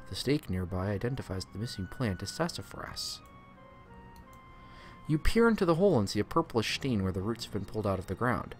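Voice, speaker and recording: A man streaming a game playthrough, reading the game's text aloud and adding sarcastic, profane asides. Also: lowish voice.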